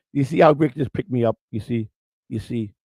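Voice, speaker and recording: Gravelly-voiced guy rambling on his live stream, blunt and crude, dry close mic. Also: mid-range voice, brisk, darkish tone, no echo, rough recording. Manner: rambling, repeats words as he restarts. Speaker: live-stream morning show host. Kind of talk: unscripted live-stream chat.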